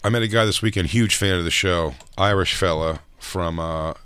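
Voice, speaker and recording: Man, podcast co-host, crude rambling storyteller, lowish voice, dry close sound. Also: normal speed, a bit bright, smooth, no room sound. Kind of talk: casual podcast banter.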